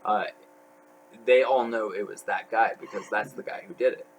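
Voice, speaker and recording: A man's voice: on the low side, fairly even intonation, moderate pace, a little hiss or hum, low-quality recording. A young man talking as a podcast guest, telling stories in a rambling way full of fillers. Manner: rambling, filler-heavy storytelling. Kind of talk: casual podcast chat.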